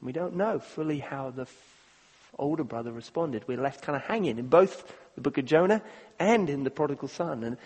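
Husky man preaching in a reverberant hall. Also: a little high, expressive. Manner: earnest, halting, repeats words, swings from loud to hushed. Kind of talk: sermon. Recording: long reverb of a large hall.

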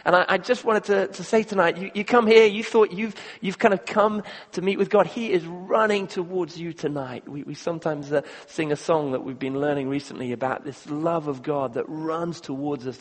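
A man preaching a sermon, earnest and halting, repeating words and swinging between loud appeals and hushed moments. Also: on the high side, slightly rough. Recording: long reverb of a large hall.

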